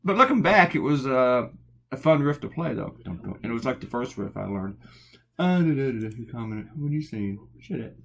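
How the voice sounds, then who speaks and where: A man's voice: mid-range voice, very animated, moderate pace, vocal fry. A middle-aged American man chatting casually while he draws a cartoon, rambling with sarcastic asides. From United States. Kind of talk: casual chat while drawing.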